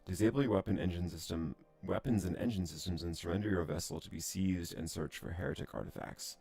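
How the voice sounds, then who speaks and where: A man voicing a hostile, zealous inquisitor captain hailing a ship, reading it in a quick, demanding way. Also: low voice, creaky, warm tone, husky, faint music behind, full character voice.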